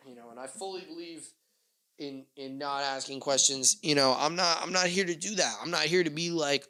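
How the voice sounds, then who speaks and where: Gravelly, rambling male podcast host. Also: fairly high pitch, fairly quick. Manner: rambling, loses his train of thought, animated bursts. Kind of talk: casual solo podcast rambling.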